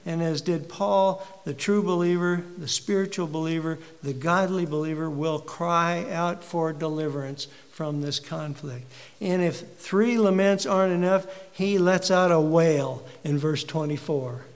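A man's voice: fairly high pitch, steady tone, measured pace, long reverb tail. A man preaching a sermon, building emphasis and asking the congregation rhetorical questions. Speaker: pastor.

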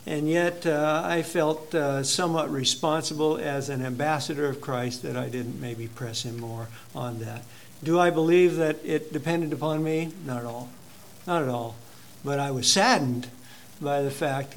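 A male pastor preaching a sermon in a conversational, halting way, telling a personal story to his congregation. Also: on the high side, slight background noise.

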